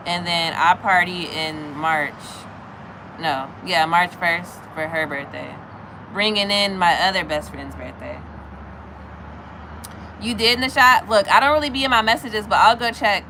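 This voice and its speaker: A woman in her thirties chatting casually with viewers, telling a story in an animated way. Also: background noise. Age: 30s. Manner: animated, acts out other people's lines in a high voice.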